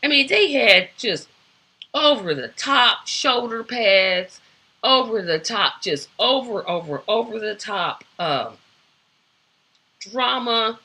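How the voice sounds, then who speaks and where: Woman host, bright tone, chatty rambling opinions, fillers throughout. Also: a little high, animated, takes it slowly, breathy edge. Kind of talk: casual solo talk show.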